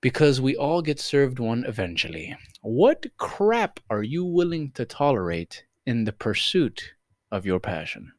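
A young man co-hosting a podcast, chatting casually, swearing a lot, and putting on quick voices when he tells a story. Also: mid-range voice, no room sound, studio quality. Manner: animated, swearing, puts on voices for the cat. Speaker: podcast co-host. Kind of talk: casual chat.

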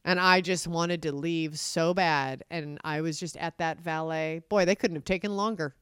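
A woman's voice: sits low, steady tone, moderate pace, a bit bright, clean tone, no echo, studio quality. A woman in casual chat, telling wry, self-mocking stories.

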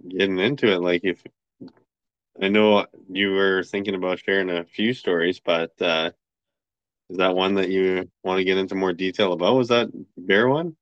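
A man's voice: deep voice, fairly even intonation, moderate pace, no echo. A man hosting a podcast in casual interview chat, laid-back and filler-heavy. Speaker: podcast host. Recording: dry, dull lo-fi podcast audio.

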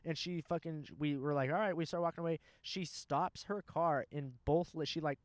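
A man's voice: fairly high pitch, steady tone, moderate pace, dry recording. A young man in casual chat, telling a rambling, profane story and laughing often.

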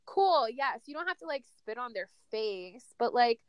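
A woman's voice: on the high side, expressive, moderate pace, highs cut off, a crowd in the background. A woman co-hosting a casual sports chat, talking in a profane, emphatic and petty way. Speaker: podcast co-host.

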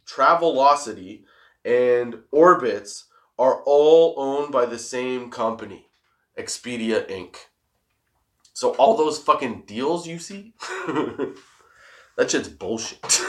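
A laid-back young man talks in a loose, rambling way, giggling often and swearing freely. He is high, and it shows in his easy, meandering delivery as he hosts a casual stoner chat. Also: fairly bright tone. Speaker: host.

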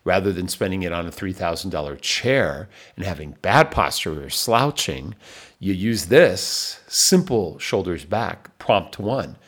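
Husky low-voiced man coaching breathing. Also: a little slow. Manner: energetic and insistent, then softening to near whispers during the holds. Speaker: podcast host and wellness coach. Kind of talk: guided breathing instruction.

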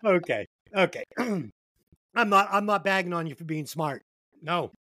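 Lively joking man with a varied pitch. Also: a little slow, no room sound, studio quality. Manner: profane, joking, acts out quoted voices. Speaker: podcast co-host. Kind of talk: casual music review chat.

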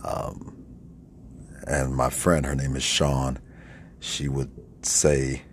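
A man hosting his own podcast, giving a personal shout-out in a deliberate, radio-style delivery. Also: a bass voice, flat delivery. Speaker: podcast host. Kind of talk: slow personal shout-out monologue. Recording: faint background noise.

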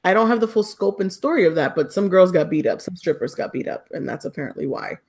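A woman's voice: fairly low pitch, very animated, fast talker, vocal fry, darkish tone. A woman co-hosting a podcast, chatting casually in a gossipy, slangy way about celebrity news. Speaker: podcast co-host. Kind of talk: casual chat.

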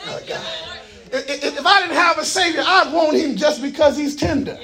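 High-voiced man preaching fervently. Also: normal speed, creaky, a crowd in the background, poor audio. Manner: fervent call-and-response preaching, often shouting; folksy, coaxing the congregation with y'all and come on. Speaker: pastor. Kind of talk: sermon. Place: church sanctuary with congregation.

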